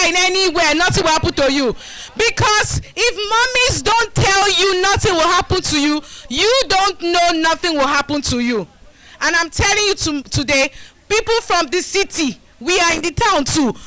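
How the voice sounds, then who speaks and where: A woman's voice: very high-pitched, pushed and bright, low-quality recording. A middle-aged woman with a Nigerian accent giving a live demonstration talk to a community group, rousing the crowd with call-and-response. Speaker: community health educator. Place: community gathering.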